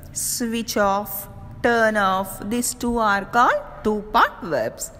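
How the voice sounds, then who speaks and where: Woman college teacher, fairly high and animated pitch, very slow and deliberate classroom delivery, echoey room. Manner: slow, deliberate explaining, spelling words out. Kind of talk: recorded classroom lecture.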